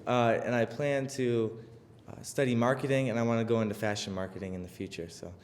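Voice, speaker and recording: A teenage boy giving a halting acceptance speech with many fillers. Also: mid-range voice, fairly even intonation. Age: teens. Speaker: award recipient. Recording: hall reverb with faint noise.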